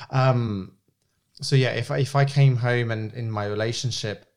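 A man's voice: medium pitch, fairly even intonation, moderate pace. A man chatting as a podcast guest, giggly and talkative, often trailing off and restarting. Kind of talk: casual chat.

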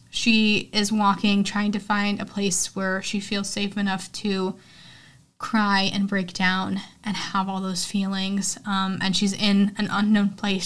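A young adult woman hosting a podcast, recapping a film in a chatty, candid, heartfelt way with frequent "um" and "like". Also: mid-range voice. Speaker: podcast host.

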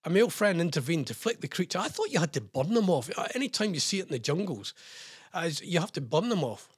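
A man's voice: fairly high pitch, sing-song, quick pace, slightly rough, no room sound, studio quality. A man with a British accent hosting a radio show, chatting casually, reading listener messages and odd news stories with rambling, jokey asides. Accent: British English. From England.

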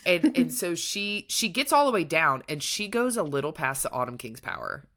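A woman with a notably low voice co-hosts a casual book-review podcast. She retells the plot with animated emotion. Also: moderate pace. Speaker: podcast co-host.

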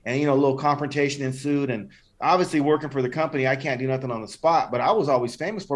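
A man's voice: medium pitch, very fast. Blunt, swearing man in casual chat. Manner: blunt, profane, slang-heavy talk. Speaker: podcast co-host.

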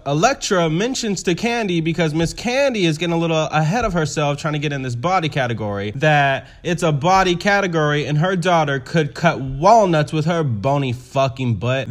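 A man hosting a casual recap of a TV episode, telling it in a sassy, profane, animated way. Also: on the high side. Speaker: show recap host.

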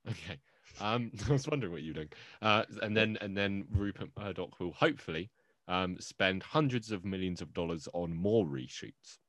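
A man with a low voice co-hosts a movie podcast, talking in loose, rambling, jokey chat. His voice sounds dry and close to the mic, with no room echo. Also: lively intonation, moderate pace, fairly bright tone. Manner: rambling, jokey, self-interrupting. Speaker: podcast co-host.

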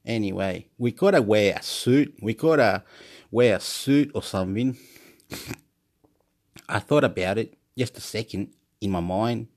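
A man from Chile, rambling in a monologue, swinging between loud excited boasting and quiet muttering and repeating words over and over. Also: on the low side, unhurried, pauses often.

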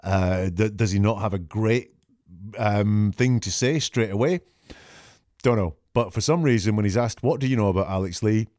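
A man with a fairly low voice picks apart interview answers, asking pointed questions and leaning hard on single words. The sound is dry and close, with no room around it. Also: normal speed, darkish tone, dry recording. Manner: questioning, emphatic, quotes and dissects answers. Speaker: statement analyst. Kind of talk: analytical commentary.

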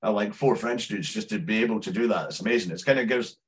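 A Scottish man with a fairly low voice talks loosely as a podcast guest. He swears freely and laughs often as he chats. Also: quick pace. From Scotland. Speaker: musician guest. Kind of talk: casual podcast interview.

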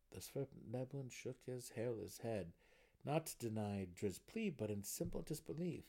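A man narrating a fantasy novel as an expressive dramatic reading. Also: lowish voice, measured pace.

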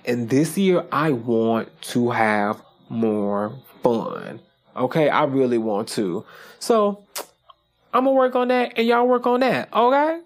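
A podcast host talking casually on their own, animated and profane, often checking in with "okay?". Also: medium pitch, slow pace. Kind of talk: casual solo podcast monologue.

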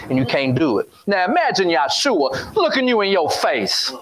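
A man's voice: sits high, big pitch swings, moderate pace, few pauses, fairly bright tone. Man preaching a conversational sermon. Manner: conversational, repetitive, call-and-response with congregation.

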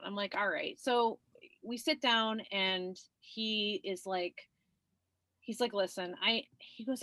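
Bright-voiced woman telling her story. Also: mid-range voice, steady tone, slow, dry recording. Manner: chatty, laughs often, many fillers. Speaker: guest. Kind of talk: conversational storytelling.

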